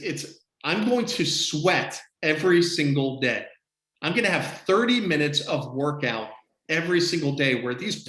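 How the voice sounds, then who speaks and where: A man coaching his team on a video call, delivering an energetic, motivational talk with emphatic repetition. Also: on the high side, roomy sound, low-quality recording. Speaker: business coach.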